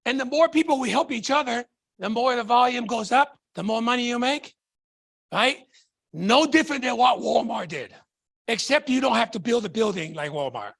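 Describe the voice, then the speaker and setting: A middle-aged man from Tonga giving a motivational sales talk, excitable, shouting in bursts and repeating rhetorical questions. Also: extremely high pitch, normal speed, creaky. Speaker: business opportunity presenter.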